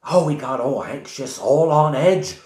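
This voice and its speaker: A man's voice: a little high, expressive, measured pace, darkish tone, pitched above the performer's own voice. A man doing a fretful old village woman in a London dialect. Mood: fearful. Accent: working-class London dialect. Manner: anxious, repeats herself, speaks in dialect. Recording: roomy echo.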